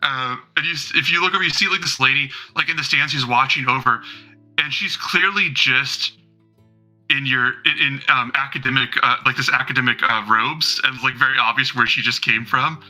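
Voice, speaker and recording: A man's voice: medium pitch, brisk, sharp tone, soft background music, poor audio. A man narrating as game master of a tabletop role-playing game, rambling casually with many fillers and the odd swear.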